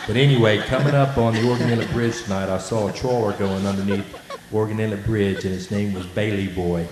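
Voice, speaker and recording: A male storyteller with a lowish voice, chatty with fillers, recorded in a reverberant hall. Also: fairly even intonation, fairly quick, hardly any pauses. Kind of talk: live folk storytelling. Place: festival stage in a hall. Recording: echoey hall, faint noise.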